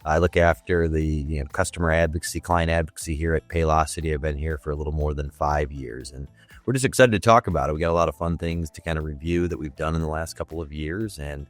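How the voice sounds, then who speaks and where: A man's voice: extremely low pitch, steady tone, fast talker, dry recording, soft background music. A man speaking as a guest in a casual video-call interview, upbeat and conversational, with frequent fillers. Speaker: guest, customer marketing manager.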